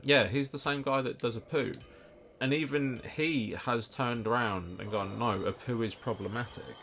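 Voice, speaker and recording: A man's voice: medium pitch, measured pace, fairly bright tone, slight background noise. A man co-hosting a let's-play, joking and swearing as he riffs at length over the game. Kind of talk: casual gameplay commentary.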